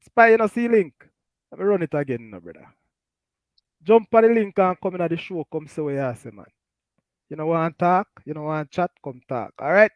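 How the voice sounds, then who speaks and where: Jamaican male host, brighter voice, chatty, laughs a lot, dry sound. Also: on the high side, no echo. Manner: laughs often, animated, Patois-flavored. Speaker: talk show host. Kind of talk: casual live-stream chat, reading comments.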